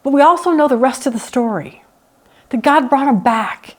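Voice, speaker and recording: A woman teaching a Bible study in a slightly high voice. She reads scripture aloud and breaks into lively acted-out complaints, with her voice climbing as she speaks the psalmist's words. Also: normal speed. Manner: expressive, acts out the psalmist's complaints with rising pitch.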